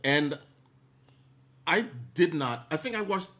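Relaxed young male co-host. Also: on the high side, slow pace. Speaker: co-host of a TV review show. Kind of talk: casual chat.

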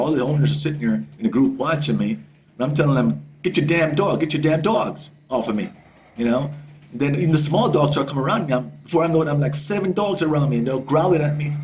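A male travel vlogger telling a story to camera in a casual, excitable way, swearing freely and repeating himself. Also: mid-range voice, a little hiss or hum.

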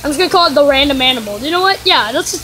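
A woman vlogging casually on a phone at a theme park, chatty and excitable. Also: sits high, very fast. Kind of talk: casual handheld vlog narration. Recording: noisy outdoor park ambience.

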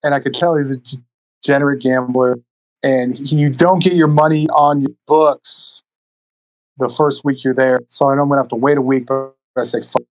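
A man spins casual stories as a podcast guest, rambling and swearing easily. His voice sits at an ordinary pitch and is recorded dry and close on a cheap microphone. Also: flat delivery, normal speed, darkish tone, dry recording, poor audio. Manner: profane, rambling, laid-back delivery. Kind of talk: casual storytelling. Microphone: cheap USB microphone.

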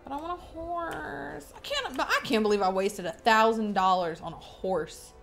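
A woman's voice: a little high, lively intonation, moderate pace, gravelly, faint music behind. A young woman streaming a game, chatting playfully to herself and to the game characters. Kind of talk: casual gameplay commentary.

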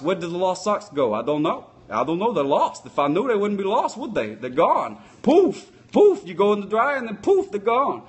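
Folksy, speeder-obsessed male sock-puppet cop, voiced by a man, pitched a bit high, rambling in a comic live-stream chat. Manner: folksy, rambling, loose grammar.

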